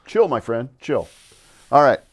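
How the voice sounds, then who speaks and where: A man's voice: mid-range voice, sing-song, unhurried, breathy edge. Playful male livestream auctioneer. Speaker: co-host running an auction. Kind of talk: casual livestream chat.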